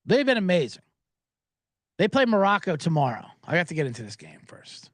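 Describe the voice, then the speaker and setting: A sports betting podcast host talks in a slightly high voice with big pitch swings, fairly quickly, and with no echo. His commentary is a casual, joking, profane ramble packed with asides.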